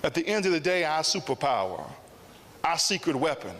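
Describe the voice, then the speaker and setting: A man's voice: a little high, sing-song, normal speed, a bit bright. A man telling a story in a public speech at a summit, with emphatic repetition. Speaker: summit speaker. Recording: long hall reverb.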